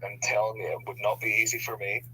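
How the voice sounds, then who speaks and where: A man with a non-native accent jokes along in a casual chat, his voice bright and forward. A faint hum sits under the line. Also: on the low side, level tone, fast talker, rough recording. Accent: non-native English. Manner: joking, self-deprecating.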